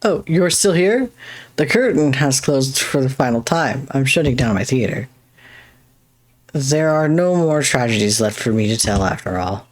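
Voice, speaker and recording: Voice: mid-range voice, expressive, moderate pace, lightly acted. A gamer voicing a wistful masked playwright. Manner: courteous, theatrical, softly melancholy. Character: masked theater playwright who tells only bad endings, theatrical and wistful.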